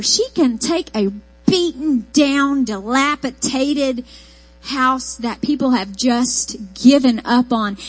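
A woman with an East Texas accent, preaching a sermon in a folksy, animated storytelling way. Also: high-pitched, no room sound, low-quality recording.

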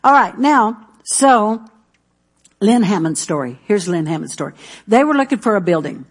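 A middle-aged woman preaches to her congregation at an unhurried pace. She talks in a loose, conversational way, with frequent asides and restarts. Her voice sits at an ordinary middle pitch for a woman. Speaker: pastor. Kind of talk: sermon.

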